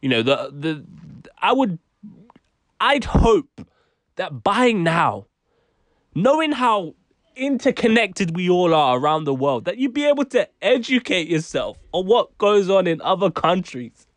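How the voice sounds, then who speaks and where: A man's voice: sits high, big pitch swings, measured pace, no room sound, studio quality. A young British man giving exasperated, slangy opinion commentary on a vlog. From United Kingdom. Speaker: commentary YouTuber.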